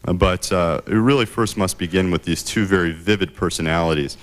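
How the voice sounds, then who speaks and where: A man giving a prepared book talk, measured and full of "uh" fillers and restarts. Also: low-pitched. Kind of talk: prepared lecture.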